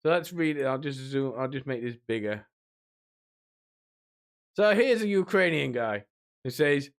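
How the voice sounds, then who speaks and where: A man's voice: mid-range voice, expressive, measured pace, creaky, pauses often. A man ranting and mocking as a streamer, sweary and sarcastic, often putting on whiny voices.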